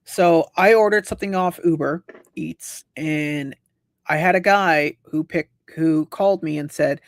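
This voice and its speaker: Gravelly guy on a livestream, dry close mic, rambling through funny stories and doing the voices. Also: a little high, a little slow, dry recording. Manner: rambling storyteller, acts out quoted voices. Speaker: livestream host. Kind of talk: casual chat.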